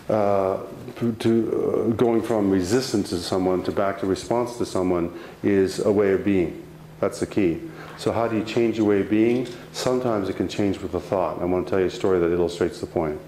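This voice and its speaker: A man giving a live motivational talk to an audience, telling a personal story with animated delivery and frequent restarts. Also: sits low. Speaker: motivational speaker. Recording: roomy hall sound, faint background noise.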